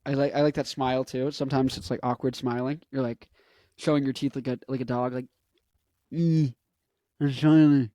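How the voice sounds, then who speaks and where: A man's voice: medium pitch, little pitch movement, fast talker, darkish tone, dry recording. Young guy riffing to camera, silly tangents, mid voice, dry close sound. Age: 20s. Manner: goofy, jumps between topics and bits. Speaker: vlogger and rock musician. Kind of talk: casual rambling commentary.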